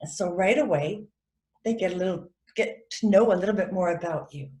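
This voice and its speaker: A middle-aged woman teaching etiquette to children and parents in an animated way, often acting out quoted voices. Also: fairly low pitch, a little fast, roomy sound. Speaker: etiquette instructor.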